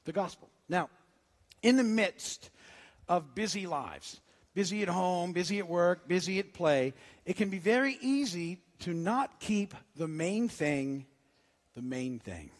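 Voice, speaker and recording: There's no rush in this pastor's sermon: his high, animated voice takes its time. He speaks conversationally and jokes between scripture readings, with the long reverb of a church sanctuary behind him.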